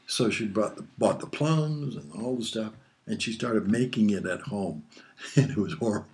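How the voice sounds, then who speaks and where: Lively intonation marks this older father's low-side, darkish voice as he tells rambling childhood family stories at normal speed. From Hawaii and being interviewed, he chuckles often in casual storytelling.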